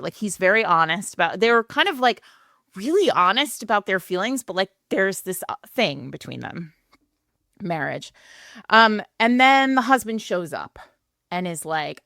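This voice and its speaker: A woman co-hosting a book podcast, excitedly retelling a romance novel in casual chat with lots of filler words. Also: medium pitch, unhurried, vocal fry, no echo, clean studio sound. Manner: animated storytelling, many filler likes. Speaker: podcast co-host.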